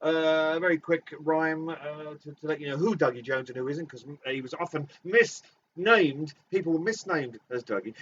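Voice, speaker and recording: A man's voice: a little high, normal speed, a bit bright. A man hosting a comic bingo game, drawing out names theatrically and swearing in asides. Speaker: bingo host. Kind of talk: comic live-stream bingo calling. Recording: dull distant mic with faint noise.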